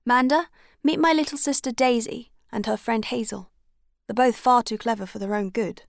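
A woman's voice: a little high, normal speed, creaky, no echo, clean studio sound. A woman voicing a breezy, teasing, dandyish young man in a storybook reading.

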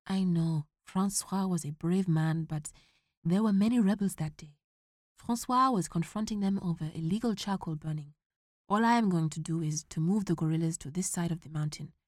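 Calm, reassuring father figure in a storybook, low and soft-spoken, read by a woman. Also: normal speed, no room sound, clean studio sound, close to an everyday voice. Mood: steady. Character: calm, steady African ranger father.

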